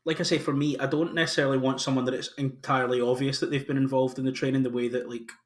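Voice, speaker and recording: A man's voice: mid-range voice, flat delivery, fast talker. A man hosting a casual podcast chat, talking enthusiastically about casting with frequent restarts. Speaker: podcast host.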